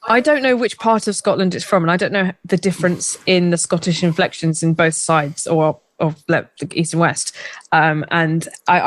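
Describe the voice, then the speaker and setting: Chatty woman, lowish voice. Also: no echo. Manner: chatty, laughs often, runs through tour dates. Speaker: podcast co-host. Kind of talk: casual chat.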